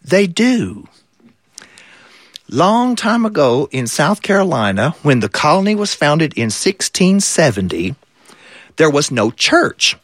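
Lively folksy storyteller man. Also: a little high, takes it slowly, no echo, clean studio sound. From Kentucky. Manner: folksy, wry, lively delivery. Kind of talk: folk storytelling performance.

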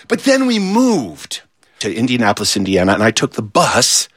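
Bright-voiced playful male storyteller. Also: mid-range voice, normal speed, slightly rough. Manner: animated, playful, with voiced asides. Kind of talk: humorous storytelling.

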